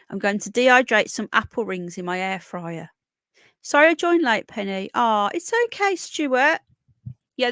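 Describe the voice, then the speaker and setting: A woman's voice: fairly high pitch, a bit bright, dry recording, studio quality. A British woman hosting a live stream, chatting casually and rambling as she reads viewers' comments. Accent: British English. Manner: chatty, rambling, talks to chat viewers by name. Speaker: livestream host.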